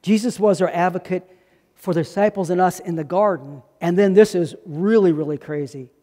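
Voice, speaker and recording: High-voiced male pastor preaching. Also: moderate pace, mellow, in a large hall. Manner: preaching with rhetorical questions and repetition. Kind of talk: sermon.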